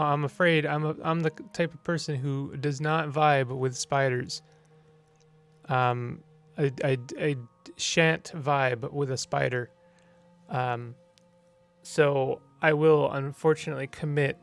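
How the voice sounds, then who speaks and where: A man's voice: medium pitch, vocal fry, a bit bright. A man giving casual gameplay commentary, playful and rambling with joking asides. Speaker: let's play host. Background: faint game music.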